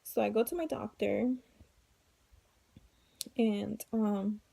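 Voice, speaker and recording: A woman's voice: medium pitch, slow pace, gravelly, mellow. A young woman vlogging at home, chattily retelling a story with lots of "like" and "blah, blah". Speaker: mom vlogger. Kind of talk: casual storytime vlog. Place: at home with her kids nearby.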